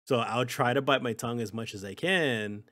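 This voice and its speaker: A man's voice: medium pitch, normal speed, fairly bright tone. A man co-hosting a gaming podcast in casual chat, easygoing, with lots of fillers and casual swearing. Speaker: podcast co-host.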